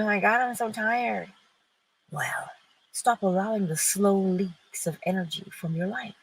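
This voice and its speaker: A woman's voice: lowish voice, vocal fry, breathy edge, rough recording. A woman hosting an inspirational talk, speaking emphatically and posing rhetorical questions that she answers herself. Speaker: host.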